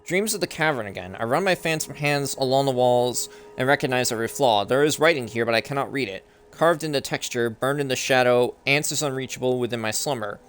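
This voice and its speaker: A young man hosting a gaming channel, reading game text aloud slowly, stumbling and correcting himself, now and then swearing when confused. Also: mid-range voice, a bit bright, slight background noise.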